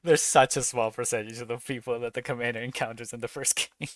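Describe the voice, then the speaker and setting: A woman's voice: extremely low pitch, steady tone, fast, no echo. A woman co-host chatting casually, mostly giving short agreeing replies and laughing. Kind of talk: casual chat.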